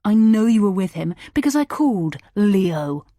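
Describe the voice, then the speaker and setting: A woman's voice: on the low side, moderate pace, darkish tone, breathy edge, no room sound, studio quality. A woman reading a young man's lines, bitter, accusing and tearful. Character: young man, desperate, furious and grieving.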